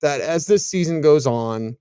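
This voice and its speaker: Chatty, slightly high male radio host. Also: lively intonation, unhurried, mellow, clean tone, dry recording, studio quality. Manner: chatty, self-deprecating. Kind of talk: casual sports talk.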